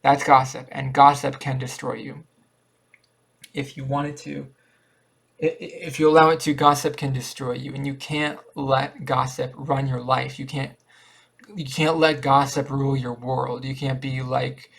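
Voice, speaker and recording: Man, vlogger, flat monotone delivery, gravelly fry, earnest, halting and repetitive. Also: medium pitch. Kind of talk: rambling personal monologue.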